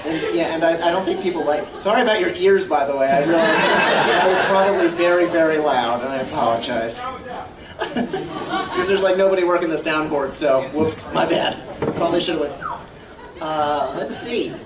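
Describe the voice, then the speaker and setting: A man who voices cartoons chats animatedly with a convention crowd, rambling and full of filler words. His fairly high voice carries from a distance through a big echoey hall. A steady background noise sits underneath. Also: normal speed. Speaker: voice actor guest at a convention panel. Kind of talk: casual Q&A storytelling. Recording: echoey hall from far off with hum.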